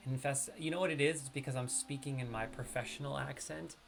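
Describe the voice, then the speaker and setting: A man's voice: medium pitch, steady tone, a little fast, creaky, hardly any pauses, faint music behind. A man with a New York accent giving live gameplay commentary, chatting straight to his viewers. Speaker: streamer.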